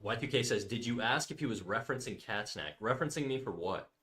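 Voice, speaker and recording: A man's voice: medium pitch, lively intonation, fast talker, bright, forceful tone. A man hosting his own drawing livestream, reading out chat and teasing his guest. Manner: teasing, joking. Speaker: livestream artist host. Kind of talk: casual chat reading chat aloud.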